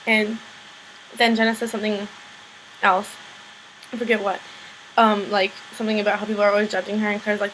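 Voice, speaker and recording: A woman's voice: mid-range voice, little pitch movement, a little fast, pauses often, a bit bright, a little hiss or hum, low-quality recording. A woman casually recapping a TV episode, chatty, full of "like" and "um", swearing freely.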